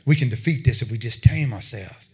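A man's voice: medium pitch, brisk, a little mellow, breathy edge. A man preaching a sermon, talking plainly with his listeners and building to emphatic exhortation. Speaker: pastor.

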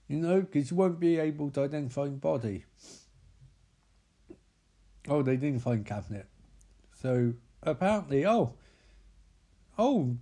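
A man's voice: fairly high pitch, mellow. Sweary sarcastic man. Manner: sweary, mocking, with exasperated sighs. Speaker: film reviewer. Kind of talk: sarcastic film recap commentary.

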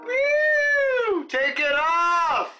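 A woman's voice: very high-pitched, very animated, drawn-out words, pushed and bright, soft background music. A woman singing a playful theme jingle for a comedy show, with whoops at the end.

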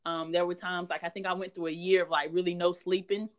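A woman's voice: on the low side, little pitch movement, fast. Frank, chatty woman guest author. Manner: frank, chatty, many fillers. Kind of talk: candid interview conversation.

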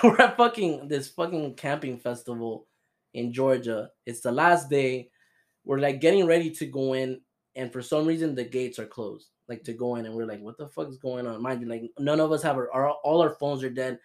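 A young man from Florida hosting a podcast, telling stories in a casual way, swearing often and laughing. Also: mid-range voice. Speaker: podcast host. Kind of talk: casual chat.

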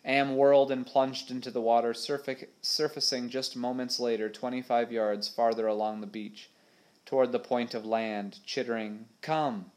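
A man narrating a children's adventure storybook in a steady, measured way. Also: medium pitch. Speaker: audiobook narrator.

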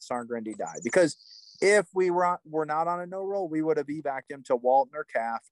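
A man's voice: medium pitch, no room sound, poor audio. Middle-aged vet guy rambling through a story, lots of likes, dry close sound. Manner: rambling, frequent "like" and restarts. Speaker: retired army first sergeant, guest. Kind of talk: casual storytelling.

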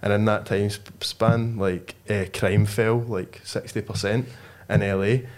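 Podcast host, deeper voice, slangy rambling talk. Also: male voice, level tone, measured pace, darkish tone. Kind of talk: casual chat.

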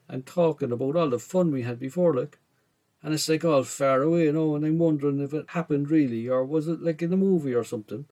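A man with an Irish accent narrating a first-person story in a rough, slangy teenage voice. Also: on the high side, a little mellow.

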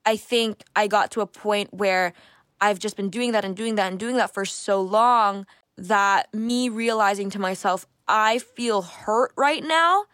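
Young woman host in her twenties, mid pitch, candid self-reflective solo podcast talk, dry close recording. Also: fairly even intonation, unhurried, a bit bright, no room sound. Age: 20s. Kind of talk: casual solo podcast monologue.

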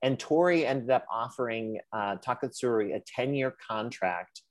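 Male podcast co-host, casual and animated, swears freely, dry close mic. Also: medium pitch, moderate pace, no room sound. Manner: animated, swears, puts on sassy voices for quotes.

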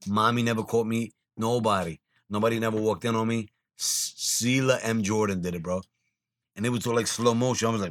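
A man's voice: lowish voice, steady tone, a little fast, dry recording, clean studio sound. A young man, hosting a podcast, telling crude stories and acting out other people's lines. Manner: profane storyteller who acts out other people's lines. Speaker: podcast host. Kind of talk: crude casual chat.

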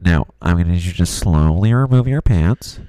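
A man's voice: sits low, lively intonation, moderate pace, mellow, smooth, no echo. A man doing a fussy, officious emergency dispatcher. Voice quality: blocked nose. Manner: formal, keeps repeating "sir". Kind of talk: improvised comedy skit.

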